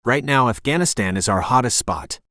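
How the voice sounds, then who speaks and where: A man's voice: mid-range voice, animated, moderate pace, pushed and bright, no room sound, studio quality. A man voicing a terse former special-forces soldier, answering in clipped, respectful replies. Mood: calm. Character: calm, terse male ex-special-forces candidate.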